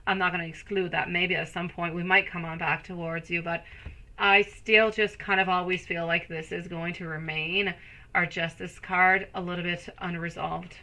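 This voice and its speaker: Bright-voiced woman tarot reader. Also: on the low side, level tone, moderate pace, poor audio. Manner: soft, soothing, calls viewers sweetie; bubbly and loud when greeting chat. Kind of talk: live-stream tarot reading.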